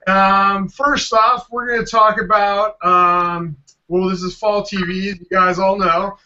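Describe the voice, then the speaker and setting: A man's voice: high-pitched, fairly even intonation, a little slow, bright, forceful tone. A man hosting a casual podcast panel, rambling with lots of "um" fillers. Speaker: podcast host. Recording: dull lo-fi sound.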